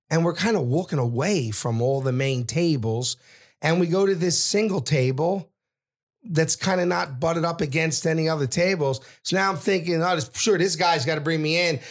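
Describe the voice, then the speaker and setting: A middle-aged man, telling a story as a podcast guest and acting out every character in loud, brash voices. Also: fairly high pitch, moderate pace. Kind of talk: animated storytelling.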